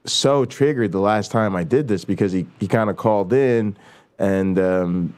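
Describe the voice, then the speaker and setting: A man's voice: on the low side, normal speed, a little mellow. A middle-aged man hosting a casual chat show, rambling and swearing, with many fillers. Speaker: host.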